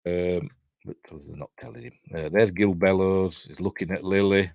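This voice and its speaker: A man with a Yorkshire accent and a deep, low voice gives a rambling film commentary. He talks casually, full of ums and side remarks. The recording is close and dry, with no room sound. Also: normal speed, creaky, a little mellow, dry recording. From Yorkshire, England. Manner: rambling, filler-heavy, chatty asides. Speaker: film review host.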